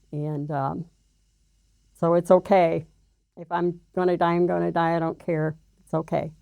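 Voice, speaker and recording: Older woman, interview storytelling, gravelly, dark mellow tone, halting with fillers. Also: fairly low pitch, little pitch movement, no echo. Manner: halting, many fillers and restarts.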